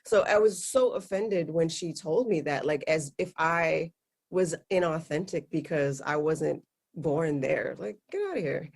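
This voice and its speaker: A woman's voice: low-pitched, unhurried, husky. A woman from the American South in casual conversation, telling a story with feeling and acting out the voices she quotes. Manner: expressive, indignant retelling.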